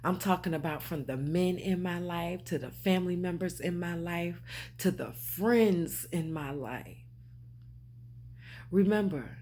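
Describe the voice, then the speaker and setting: This spiritual vlogger speaks a little slowly in a lowish, somewhat mellow voice, with a little hiss or hum audible. Talking directly to her viewers, she preaches emphatically, repeats herself, and calls them babe and honey.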